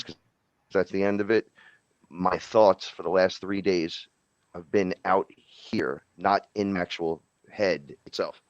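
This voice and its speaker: Deep-voiced man telling a rambling story. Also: steady tone, a little slow, dry recording, dull audio. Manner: profane, rambling, acts out quoted voices. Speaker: podcast speaker. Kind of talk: casual storytelling chat.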